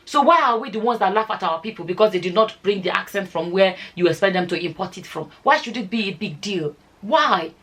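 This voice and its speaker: A woman's voice: medium pitch, animated, fairly quick, fairly bright tone, breathy edge. A Nigerian woman with a Nigerian accent giving her views on a casual vlog, firing off rhetorical questions and slipping into Nigerian Pidgin. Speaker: vlogger.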